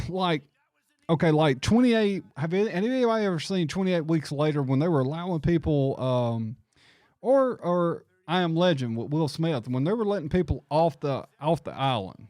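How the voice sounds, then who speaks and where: A man's voice: mid-range voice, a little mellow, no echo, studio quality. A man hosting a show, chatting casually and rambling with lots of restarts. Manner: rambling, frequent restarts and laughs. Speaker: show host. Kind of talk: casual livestream chat.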